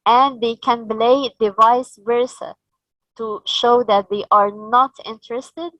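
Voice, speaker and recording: Woman teacher trainer, from Egypt, unhurried, demonstrates tones, dry sound. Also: fairly high pitch, fairly bright tone, no room sound, low-quality recording. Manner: slow, explanatory, models sounds and tones.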